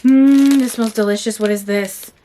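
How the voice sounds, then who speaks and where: A woman's voice: fairly high pitch, normal speed, background noise. A woman hosting her book channel in a casual vlog, gushing with enthusiasm and often repeating her phrases. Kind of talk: casual vlog unboxing chat.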